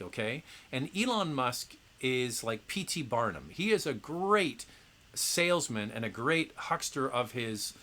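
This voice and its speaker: A middle-aged man hosts a casual live question-and-answer stream. His voice sits at an ordinary pitch but sounds bright and forceful. He talks in a chatty, opinionated way, often restarting sentences with "uh" and "um.". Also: animated, measured pace, slight background noise. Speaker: host answering viewer questions. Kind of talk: casual livestream Q&A.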